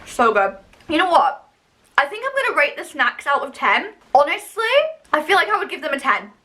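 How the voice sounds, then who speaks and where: Chatting eagerly about snacks in her vlog, a young British woman fills her talk with fillers. Her high-pitched voice is sing-song, fairly quick, pushed and bright.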